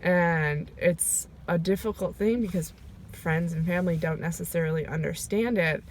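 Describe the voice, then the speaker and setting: A woman recording a personal video diary, talking reflectively and emotionally, pausing often with fillers as she goes. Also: fairly low pitch, a little hiss or hum. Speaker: vlogger. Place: sitting in her car. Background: rain.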